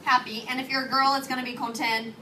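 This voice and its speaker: Woman Spanish teacher, slightly high-pitched, energetic with students; recorded from afar in a noisy classroom. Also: fast talker. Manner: energetic, questioning students, mixing English and Spanish. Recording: distant mic, noisy classroom.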